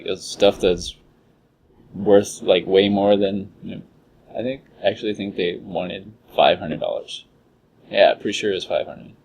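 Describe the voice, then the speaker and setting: A young man with a fairly low voice co-hosts a podcast in loose, casual chat. He rambles through a retelling, leaning on "like" and "uh" as he goes, with a faint hiss under the recording. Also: darkish tone. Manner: rambling retelling, heavy use of "like" and "uh". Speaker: podcast co-host.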